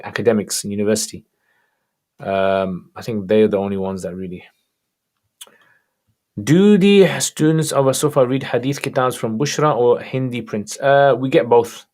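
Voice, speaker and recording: A man answering religious questions on a livestream, reading each viewer question aloud and replying in a casual, relaxed way. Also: medium pitch.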